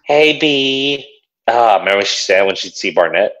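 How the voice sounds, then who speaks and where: A man's voice: low-pitched, fast, a bit bright. A young man co-hosting a podcast, chatting casually and acting out quotes from a reality show. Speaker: podcast co-host. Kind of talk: casual chat. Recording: dull lo-fi sound.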